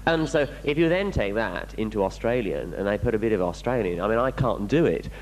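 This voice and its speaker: A man's voice: fairly low pitch, expressive, a little fast, a little mellow, a little hiss or hum, rough recording. A young English man with an English accent, answering fan questions bluntly and candidly on a panel. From England. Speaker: guest actor. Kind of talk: fan convention Q&A.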